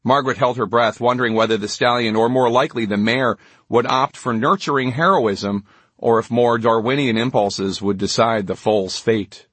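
Male narrator, measured delivery, husky voice, dry recording. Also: medium pitch, a bit bright, no echo. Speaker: audiobook narrator. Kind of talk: scripted narration.

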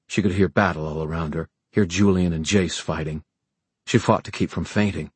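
A man reads an audiobook with dramatic, measured narration. His voice is very deep and husky, and the sound is dry and close. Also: steady tone, dry recording. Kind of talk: scripted narration.

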